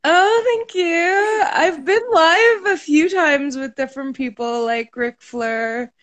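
A woman in her thirties from Canada, chatting casually as a guest on a live stream, giggling often. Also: extremely high pitch. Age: 30s. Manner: giggly, slow, with many likes. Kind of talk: casual chat.

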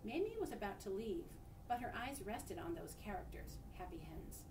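Lively woman reader for a children's storybook; expressive, slightly distant and roomy, faint rumble. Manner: expressive, pauses to show pictures. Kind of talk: reading a picture book aloud to children. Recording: echoey room, distant mic, faint rumble.

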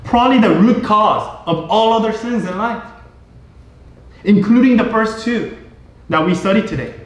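A middle-aged male pastor preaching a sermon in a church, emphatic and repetitive, at times rising to shouts. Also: sits high, moderate pace, dull audio. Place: church sanctuary. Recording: very echoey hall.

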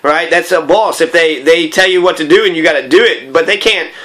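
Angry, high, sharp-voiced man ranting. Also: a little fast. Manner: angry, profane, rambling. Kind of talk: ranting personal monologue.

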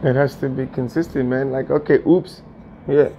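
A man's voice: medium pitch, steady tone, normal speed, dark tone, slight background noise. A man venting in a personal vlog from his apartment, aggrieved and repetitive, often swearing. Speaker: tenant vlogger. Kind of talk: agitated personal vlog rant.

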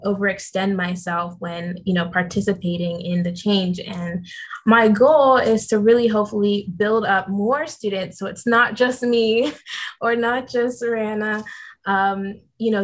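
A woman's voice: medium pitch, poor audio. A woman student speaking on a panel in an earnest, emotionally open way. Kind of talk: candid panel discussion.

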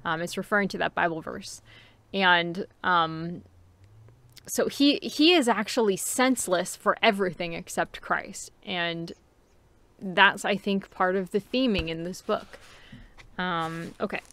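A woman's voice: fairly low pitch, a little slow, a bit bright, no room sound. A woman giving a casual book review, chatty and musing, with frequent fillers and laughs between thoughts.

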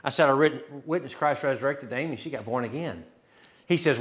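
A man's voice: mid-range voice, a little fast. A man pastor telling a testimony in a sermon, acting out dialogue and laughing often. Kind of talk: sermon storytelling.

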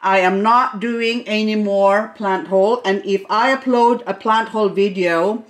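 Excitable middle-aged woman unboxing succulents, gushes a lot, chats to the plants. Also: mid-range voice, a little slow. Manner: gushing, excitable, talks to plants. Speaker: succulent vlogger. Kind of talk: casual unboxing chat.

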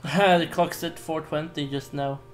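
A young man co-commentating a game, quietly dropping dry, teasing one-liners. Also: a little high, fairly even intonation, measured pace, faint music behind. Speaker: co-host player. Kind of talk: casual let's-play commentary.

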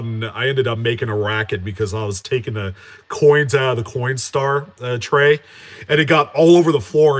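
Chatty male coin channel host. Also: medium pitch. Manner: chatty, reads out and answers viewer names; relaxed, with frequent fillers and self-corrections. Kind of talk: casual live-stream chat.

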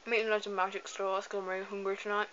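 Woman let's-player, rambly and apologetic, crisp bright tone, lo-fi home recording. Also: mid-range voice, flat delivery, racing. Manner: chatty, rambling, apologetic asides. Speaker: gameplay commentator. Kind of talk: casual let's-play commentary. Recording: slightly dull lo-fi home mic with faint hiss.

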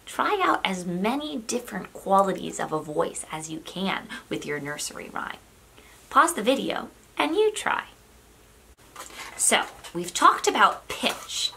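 A woman leads a drama lesson for children with a bright, clear voice. She speaks slowly, with lots of pitch movement. She demonstrates as she explains, playfully dipping low and jumping high. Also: sing-song. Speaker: drama teacher. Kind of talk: online drama lesson for kids.

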